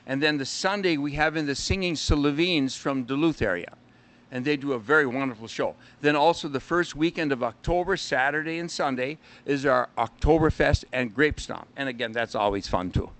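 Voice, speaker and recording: On a casual radio interview, an older man who owns a winery in Minnesota tells stories and sings a jokey song. His voice sits mid-range, a bit bright, at a moderate pace.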